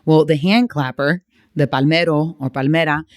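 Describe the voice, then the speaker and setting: Podcast guest: woman from San Diego, smooth clear voice, dry close sound, measured explaining. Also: sits low, steady tone, no room sound. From San Diego, United States. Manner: explains in measured phrases, laughs easily. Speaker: flamenco dancer, guest. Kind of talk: podcast interview.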